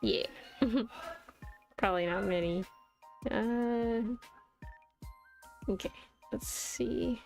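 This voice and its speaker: A woman's voice: mid-range voice, drawn-out words, gravelly, long pauses, soft background music. A young woman streaming, chatting casually and giggling often as she rambles with self-deprecating restarts. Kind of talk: casual live-stream chat while drawing.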